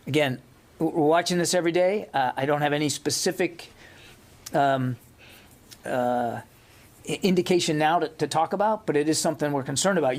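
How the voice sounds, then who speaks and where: A mid-pitched man answers reporters' questions at a press briefing. He speaks in a measured, guarded way, pausing and restarting often as he picks his words. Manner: measured, cautious, many hesitations and restarts. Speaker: press secretary. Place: briefing room.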